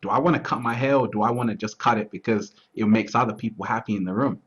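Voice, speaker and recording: A man talking through his thoughts in a relaxed, reflective conversation, often restarting and asking whether he is understood. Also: on the low side, fast, breathy edge. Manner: repeats words, restarts often, asks "you see what I'm trying to say". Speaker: interview guest. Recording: dull lo-fi audio.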